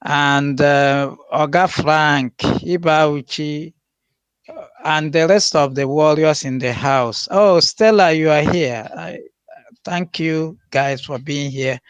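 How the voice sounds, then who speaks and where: A man's voice: on the high side, slow, clear, resonant tone, dry recording, lo-fi sound. A man in an online audio room, friendly, greeting people by name one after another.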